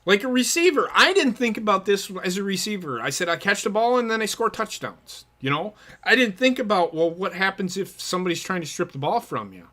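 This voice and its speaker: Blunt, animated man ranting, cursing freely. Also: high voice, brisk, few pauses. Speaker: podcast co-host. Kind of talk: casual sports talk.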